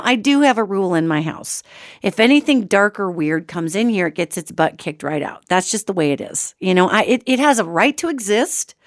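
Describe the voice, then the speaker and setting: Woman, radio host, casual expressive storytelling, animated pitch, dry close sound. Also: dry recording. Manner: expressive, casual, acts out quotes.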